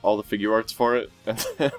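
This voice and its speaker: A man's voice: lowish voice, fairly even intonation, a little fast, soft background music. A man co-hosting a casual podcast chat, laid-back, laughing often and restarting his sentences. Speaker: podcast co-host.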